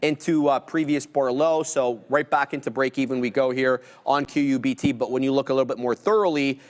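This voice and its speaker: A man co-hosting a live trading stream, calling out prices and orders with joking, relaxed banter. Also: mid-range voice, fairly quick. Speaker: trading show co-host.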